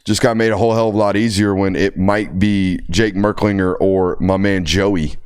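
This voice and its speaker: A man's voice: low voice, fairly even intonation, normal speed, a little mellow, clear, resonant tone. A young man hosting a casual sports talk show, telling stories in a laid-back, drawling way. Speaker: podcast host.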